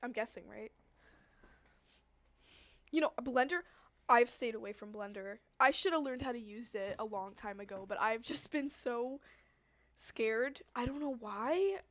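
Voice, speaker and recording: A young woman with a slightly high voice chats loosely with her viewers while she works on a drawing. She rambles, laughs often and trails off mid-thought, and a cough has left her throat scratchy. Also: a little slow, long pauses. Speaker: streamer chatting with viewers. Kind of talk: casual chat while drawing.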